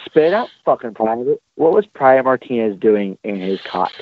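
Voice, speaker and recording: A man voicing a furious male army sergeant major who yells crude profanity. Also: medium pitch, very animated, normal speed, lightly acted. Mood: outraged yelling. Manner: yelling, crude, outraged. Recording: dry, tinny phone-like call audio.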